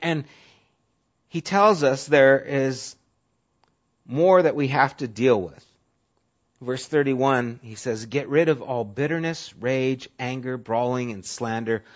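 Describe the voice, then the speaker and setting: A male pastor preaching a sermon in a casual, conversational way, sometimes dropping to a soft, low voice for emphasis. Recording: dull lo-fi audio.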